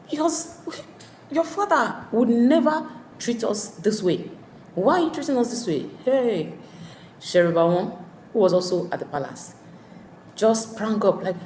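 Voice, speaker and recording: A woman's voice: medium pitch, moderate pace. A woman tutor casually retelling a play scene by scene, acting out the characters' lines as she goes. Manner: animated storyteller acting out quoted characters. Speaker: literature tutor. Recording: echoey room with faint ambient noise.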